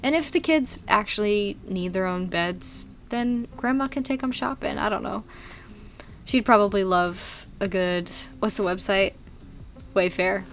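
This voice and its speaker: A woman's voice: mid-range voice, unhurried, slight background noise. A young woman, chatting and rambling in a casual voice-over about her game build, giggly and self-deprecating. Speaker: YouTuber narrating a game build.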